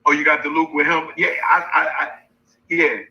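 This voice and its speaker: His voice is on the high side with a sharp tone and completely flat delivery at a moderate pace. The man hosts a livestream where he mocks and challenges critics in a taunting rant, repeating his insults, over dull, lo-fi stream audio.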